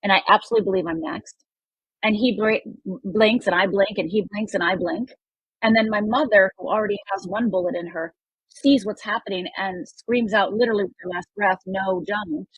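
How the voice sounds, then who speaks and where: Speaking fairly quickly with a breathy edge, this mid-range-voiced woman in her sixties recounts a personal story as a guest on an interview. She's a life coach from Upper Michigan, United States, who stays earnest and emphatic and performs the quoted voices. The sound is dry and rough.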